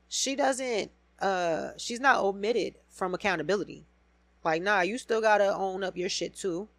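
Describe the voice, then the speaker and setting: A woman podcast host talking alone in a casual rant, blunt and full of profanity. She swings from low muttering to loud, high emphatic bursts. The sound is dry and close to the mic. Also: no room sound. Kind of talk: casual solo reality TV rant.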